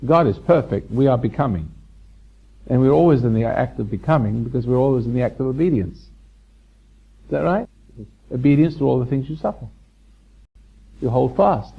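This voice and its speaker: A man's voice: medium pitch, lively intonation, moderate pace, creaky, long pauses, slightly rough. Rambling man lecturing on a dull old tape. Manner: rambling and repetitive, chuckling, teasing the audience. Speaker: seminar speaker. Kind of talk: live spiritual lecture to an audience. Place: hotel function room before a live audience. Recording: dull lo-fi 1990s seminar tape.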